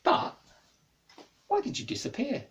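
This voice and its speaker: A man voicing an eager, earnest young girl in a told story, lifting his voice high and excited. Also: a little slow, far from the mic, lo-fi sound, close to an everyday voice.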